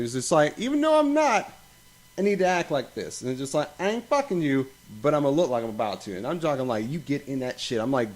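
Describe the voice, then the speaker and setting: A young man hosting a casual podcast, rambling and swearing as he tells animated stories. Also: mid-range voice. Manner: profane, rambling, animated storytelling. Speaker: podcast host.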